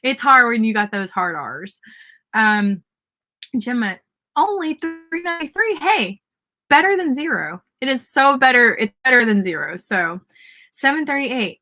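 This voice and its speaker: Her voice sits on the high side, expressive, pushed and bright, moving at a measured pace. A Southern woman hosting a casual writing-sprint livestream, she chats and celebrates viewers' word counts and comments.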